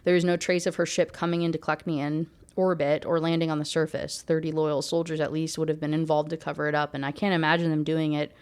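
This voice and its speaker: A woman's voice: low-pitched, a little mellow. A woman giving a casual rant review of a book, rambling and heavy on fillers.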